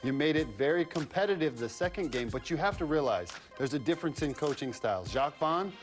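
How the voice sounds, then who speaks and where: A man's voice: fairly high pitch, lively intonation, quick pace, faint music behind. A man who played the game, now a studio analyst explaining plays in a conversational, slightly jokey way. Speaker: basketball analyst and former player. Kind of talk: studio film breakdown commentary.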